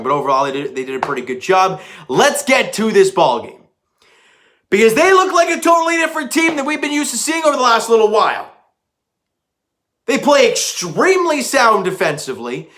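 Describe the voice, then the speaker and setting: A man with a high-pitched, bright voice breaks down a basketball game for his channel. He talks like a die-hard fan, emphatic and conversational, punching key numbers and asking his viewers questions. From Canada. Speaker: sports fan commentator. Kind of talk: casual post-game recap.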